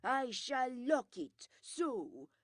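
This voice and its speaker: A woman voicing a fussy, self-assured older male detective who explains things in a brisk, lecturing way. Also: sits high, sing-song, no room sound, studio quality, voice pushed up, heavily acted. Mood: exasperated. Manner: brisk, lecturing, pleased with himself.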